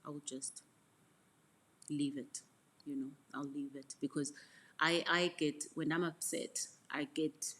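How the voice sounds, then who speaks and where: Woman, middle-aged coach, low voice, husky, frank reflective motivational talk. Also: fairly even intonation, measured pace, long pauses. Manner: frank, reflective, repeats words, soft asides. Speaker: mentorship coach.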